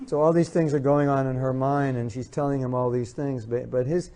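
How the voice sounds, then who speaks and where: The speaker, a man with a dark mid-range voice, talks fairly quickly and keeps his intonation fairly even. In an earnest spiritual lecture on marriage with audience questions, he returns to his key points and acts out lines spouses might say.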